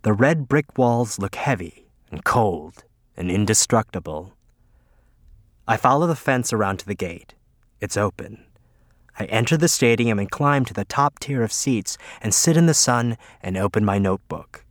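A man reading a first-person story aloud in a measured, low-key way. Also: animated, no room sound, studio quality. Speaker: audiobook narrator. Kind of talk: scripted first-person narration.

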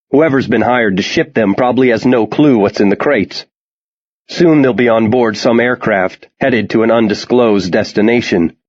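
A man narrating a story with steady, tense storytelling. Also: mid-range voice, normal speed, dull audio. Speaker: audiobook narrator. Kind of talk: scripted narration.

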